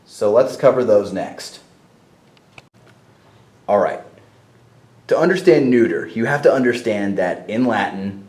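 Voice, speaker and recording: Slow, methodical male teacher. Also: mid-range voice, darkish tone. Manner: slow, methodical explaining, spelling out sounds. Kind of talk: spoken lesson. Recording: roomy echo.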